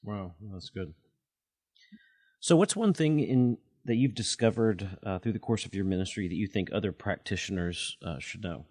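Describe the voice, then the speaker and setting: A man with a low voice hosts the interview, dropping in short affirmations and inviting his guest to go on. The sound is close and dry, with no room around it. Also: expressive, normal speed, darkish tone, dry recording. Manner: brief affirming interjections and prompts. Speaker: podcast host. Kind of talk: conversational podcast interview.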